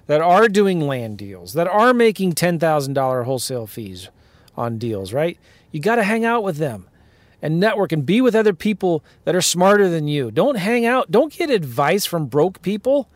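A real estate investor hosting a podcast from his car tells a story about a deal, his fairly high voice recorded without echo. He's animated and emphatic, laughing as the casual rant unfolds.

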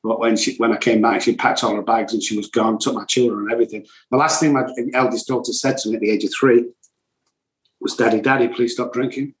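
A man's voice: on the low side, steady tone, quick pace. Intense middle-aged man, echoey room. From England. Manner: blunt, intense, self-described loud and cocky. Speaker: guest, recovery speaker. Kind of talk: emotional personal storytelling.

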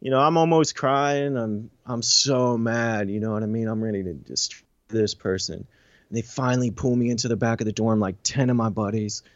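A man in an interview recounting a personal story, animated and profane, with lots of "you know" and "I'm like". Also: medium pitch, moderate pace, dry recording, highs cut off. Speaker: interview guest.

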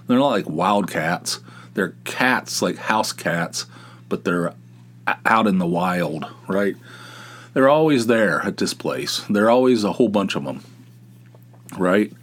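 A middle-aged podcast host with a low, animated, unhurried voice rambles through a casual comic monologue, restarting often and throwing in exasperated asides.

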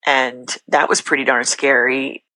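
Bright-voiced middle-aged woman, earnest. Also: a bass voice, level tone, dry recording, poor audio. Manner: earnest, faith-filled, talks in quick bursts with restarts. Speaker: podcast guest. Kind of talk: candid personal testimony.

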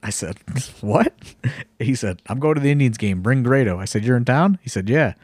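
A man's voice: mid-range voice, fairly quick, a little mellow, slightly rough, dry recording. A man co-hosting a casual podcast, telling a rambling story full of fillers and the odd swear word. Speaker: wrestling promoter and podcast co-host.

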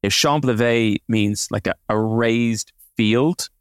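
A man's voice: mid-range voice, slow pace, clear, resonant tone, no echo, clean studio sound. A man co-hosting a podcast, explaining things in a casual way with lots of fillers and restarts. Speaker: podcast co-host.

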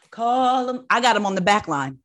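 A woman's voice: medium pitch, fast. A woman co-hosting a casual chat, laughing often and egging her friend on. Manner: lively, laughs often, eggs her partner on.

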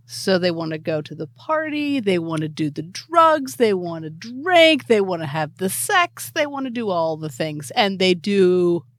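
A woman co-hosting a casual movie podcast, playful and animated as she tells a story. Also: fairly low pitch, measured pace, few pauses, dry recording. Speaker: podcast co-host.

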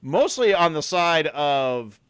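A man with a fairly high voice chats casually on a football podcast, tripping over his words and restarting sentences as he goes. He laughs easily and keeps the banter playful. The sound is dry and close to the mic. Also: very animated, takes it slowly, a bit bright, clean tone, dry recording. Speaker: podcast co-host. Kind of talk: casual chat.

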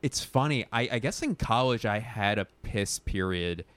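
Lively young man telling a rambling story. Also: lowish voice, normal speed, smooth, no echo. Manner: rambling storyteller, laughs through his words. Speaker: podcast co-host. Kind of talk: casual chat.

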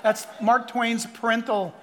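Pastor, male, very high bright voice, animated emphatic sermon delivery, large reverberant hall, congregation laughing. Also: unhurried, a little hiss or hum. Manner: animated, emphatic preaching with asides and quoted voices. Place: church hall before a congregation. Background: audience laughter.

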